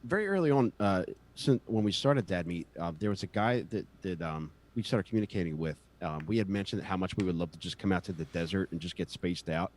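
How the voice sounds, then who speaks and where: A man's voice: low-pitched, expressive, a little fast, hardly any pauses, darkish tone. A man co-hosting a podcast, telling stories with casual enthusiasm and swearing. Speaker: podcast co-host.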